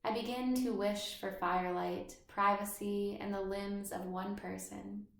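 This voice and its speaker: A woman reading literary prose aloud in a measured, even way. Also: mid-range voice, creaky. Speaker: audiobook reader. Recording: roomy echo.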